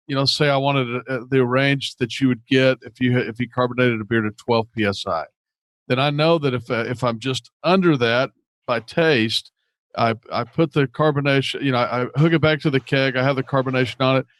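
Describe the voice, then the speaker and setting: A man's voice: mid-range voice, fairly bright tone, no room sound. A man co-hosting a casual homebrew podcast, explaining his methods in a practical way with frequent restarts. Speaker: podcast co-host.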